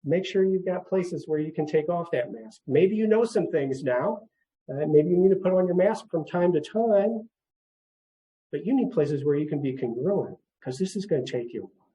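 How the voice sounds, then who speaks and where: Soft-toned gentle man giving a talk. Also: on the high side, expressive, moderate pace, muffled recording. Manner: gentle, repeats words, chuckles often. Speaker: grief counselor. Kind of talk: seminar talk.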